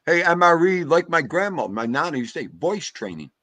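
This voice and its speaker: A man's voice: fairly high pitch, fairly quick, no room sound. A man hosting a casual chat, telling dog stories in an emphatic, slangy way. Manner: animated, emphatic storytelling with street slang. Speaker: host.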